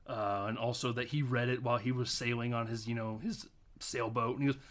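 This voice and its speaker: A man's voice: mid-range voice, steady tone, fairly quick, a bit bright. A man hosting a film podcast, casually recapping a movie, laughing often and acting out quotes.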